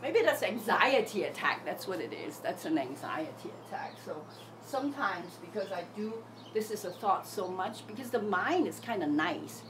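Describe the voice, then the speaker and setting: Lively middle-aged woman, noisy bird-filled backdrop. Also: mid-range voice, moderate pace. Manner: acts out voices in her head, lively and candid. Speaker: self-help teacher. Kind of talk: casual reflective monologue.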